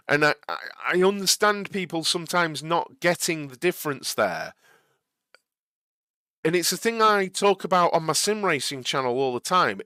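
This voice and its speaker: A young man hosting a casual live stream, his fairly high, bright voice swinging up and down a lot as he talks. He answers viewers' chat messages earnestly, gets a little exasperated, and keeps tripping over and restarting his sentences. The sound is dry and close. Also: no room sound. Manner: halting, many restarts and repeated words.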